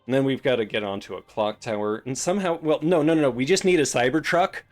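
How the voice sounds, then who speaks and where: A man streaming a reaction, swearing and swinging from loud outbursts to low mutters. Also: animated, quick pace. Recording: faint background music.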